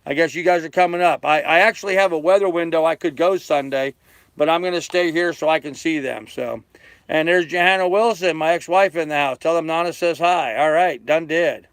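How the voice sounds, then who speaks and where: A man's voice: fairly high pitch, fairly quick, fairly bright tone, clear, resonant tone, no room sound. An older man sailing on a small boat, chatting casually on a live stream as he reads out and answers viewer comments. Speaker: sailing vlogger. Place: aboard a small sailboat.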